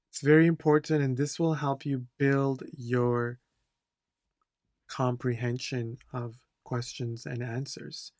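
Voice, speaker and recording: A man's voice: on the high side, a bit bright, no echo, clean studio sound. A man instructor working through test answers, repeating key words and reading the dialogue lines aloud. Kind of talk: tutorial explanation.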